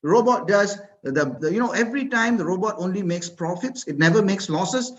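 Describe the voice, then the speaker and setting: A man's voice: sits high, animated, moderate pace, a little hiss or hum. A man giving an enthusiastic live online slide presentation, repeating himself and asking the audience rhetorical questions. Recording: dull lo-fi online audio.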